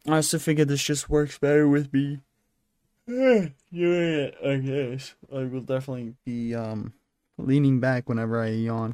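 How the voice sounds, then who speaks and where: A man's voice: fairly high pitch, warm tone, dry recording, studio quality. Tired, rambling young man podcasting solo. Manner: rambling, self-deprecating, apologetic. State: tired, yawning. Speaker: podcast host. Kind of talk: solo casual podcast chat. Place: at home, at a desk. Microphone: handheld microphone.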